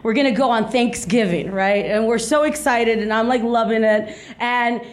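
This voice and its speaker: A woman in her thirties from South Texas performing a stand-up set, telling a story with animated delivery and acting out the people in it. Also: on the high side, normal speed. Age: 30s. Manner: animated storytelling, acts out voices, laughs along. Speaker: stand-up comedian.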